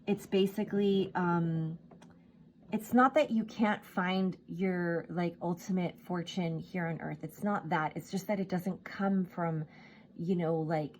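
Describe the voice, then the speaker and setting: Slow-talking, gushing tarot reader woman. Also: fairly low pitch, fairly even intonation, darkish tone, a little hiss or hum. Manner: gushing, emotional, many fillers like "like" and "um". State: moved to tears. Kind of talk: casual spoken tarot reading.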